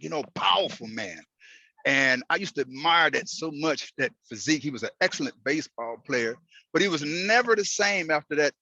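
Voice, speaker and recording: Guy driving and opening up, halting, restarts a lot, kinda high voice, dry muffled sound. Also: bright, forceful tone, no echo. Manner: earnest, halting, with many restarts. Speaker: host. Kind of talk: emotional personal storytelling. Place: in a moving car.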